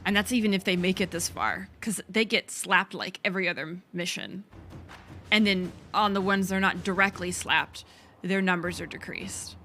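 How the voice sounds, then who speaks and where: A woman's voice: medium pitch, steady tone, normal speed, sharp tone, soft background music. A woman streaming a video game, chatting casually as she thinks aloud, laughing and swearing often. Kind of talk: casual gameplay commentary.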